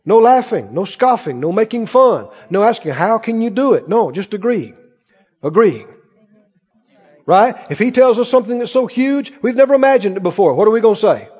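A man with a strikingly high, lively voice preaches a sermon, lobbing constant questions at his listeners. The sound is muffled and lo-fi. His words ring out with a long reverb through a church sanctuary. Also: moderate pace, breathy edge. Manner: animated, quizzing the congregation with questions. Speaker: pastor.

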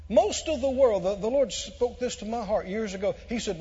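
A man preaching a sermon to a congregation, emphatic and repetitive, building to loud shouted peaks. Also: sits high, moderate pace, few pauses, breathy edge, long reverb tail, dull audio. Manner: emphatic, repeats phrases, swells to shouts.

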